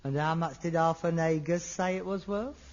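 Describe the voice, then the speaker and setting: An actor playing a touchy, irritable grown son who snaps into rants, in a dull, lo-fi old radio sitcom recording. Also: male voice, on the high side, moderate pace, heavy background noise, natural voice. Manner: irritable, snapping, flares into rants. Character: frustrated middle-aged London son, irritable and touchy. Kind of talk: 1960s radio sitcom acting.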